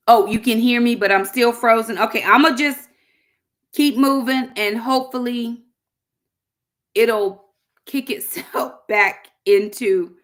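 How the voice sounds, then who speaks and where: A middle-aged woman chatting casually to viewers on a livestream, addressing them as y'all. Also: a little high. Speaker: vlogger hosting a livestream.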